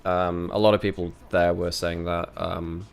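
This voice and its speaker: British esports caster, low-ish voice, loose rambling chat. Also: male voice, level tone, a little slow, vocal fry, clean tone. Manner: rambling, stammering restarts. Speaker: esports caster and stream host. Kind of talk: casual live-stream chat.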